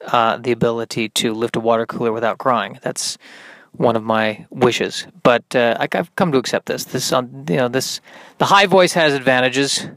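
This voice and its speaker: A young man with a high tenor voice hosting a solo podcast, rambling in a dry, self-mocking way with many ums and restarts. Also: a bit bright, no room sound. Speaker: podcast host. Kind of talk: solo comedic podcast monologue.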